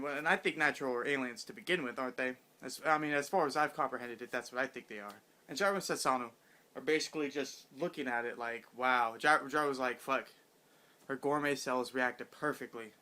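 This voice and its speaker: Dude hyped up reviewing a manga chapter, cussing nonstop, rambly and slangy. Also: male voice, medium pitch. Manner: excited, profane, rambling with slang.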